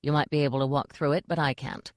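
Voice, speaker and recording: Woman putting on a blunt old witch, matter-of-fact, unbothered, low voice, dry sound. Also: fairly even intonation, fast talker, no echo, natural voice.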